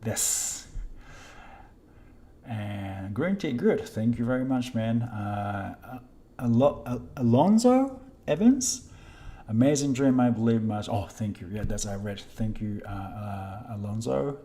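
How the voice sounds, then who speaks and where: Man, slow, mellow dark voice, casual live-stream chat, halting, polite. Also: lowish voice, a little hiss or hum. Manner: hesitant, halting, many restarts while reading names; polite, thanks viewers often. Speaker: kendo instructor hosting a live stream.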